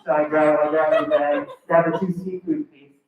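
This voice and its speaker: Young guy doing stand-up, kinda high voice, rambling story, very echoey far-off muffled room with noise. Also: level tone, moderate pace. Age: young adult. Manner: acts out quoted voices, rambling and self-correcting. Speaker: student stand-up comic. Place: live comedy stage.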